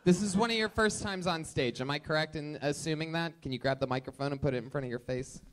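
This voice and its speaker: A man hosting a live comedy podcast, shouting big intros and then dropping to quiet banter. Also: fairly high pitch, fast talker. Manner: hyped announcer intros that swing to quiet banter. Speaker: host.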